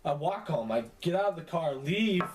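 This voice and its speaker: Young man, higher-pitched, animated storyteller on a casual podcast; echoey room, faint noise. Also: normal speed. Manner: animated, profane storytelling with acted quotes. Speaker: podcast co-host.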